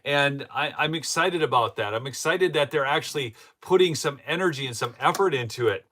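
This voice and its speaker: A man's voice: medium pitch, animated, brisk, bright, forceful tone, slight background noise. Rambling, chatty man hosting a livestream. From northern Minnesota. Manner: rambling, chatty, full of fillers and restarts; breaks into laughter while telling stories. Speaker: show host. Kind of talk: casual commentary livestream.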